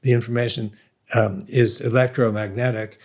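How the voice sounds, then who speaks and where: An older man with a Brooklyn accent speaks at a middle pitch as an interview guest. He talks through his ideas thoughtfully, with restarts and a self-deprecating touch. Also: little pitch movement, moderate pace. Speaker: scientist guest. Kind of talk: conversational interview.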